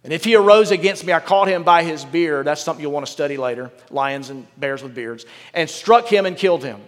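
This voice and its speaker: A man's voice: a little high, fairly quick, long reverb tail. A pastor preaching a sermon. He reads scripture aloud and breaks off into candid, joking asides. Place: large church with a balcony.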